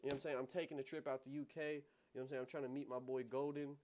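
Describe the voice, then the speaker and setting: A man's voice: mid-range voice, little pitch movement, very fast, a little mellow, a little hiss or hum. A young man hosting a livestream on trading, talking casually in slang and laughing often.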